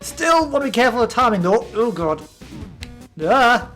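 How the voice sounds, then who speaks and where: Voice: medium pitch, very animated, normal speed, fairly bright tone, soft background music. A British let's play host giving casual, sarcastic, rambling commentary while playing a game. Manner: rambling, sarcastic, many restarts.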